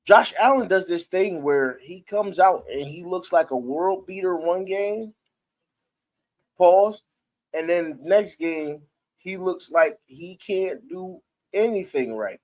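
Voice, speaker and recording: A man's voice: sits high, animated, takes it slowly. A man hosting a casual live-stream sports talk show, talking loosely with his viewers and breaking into laughter.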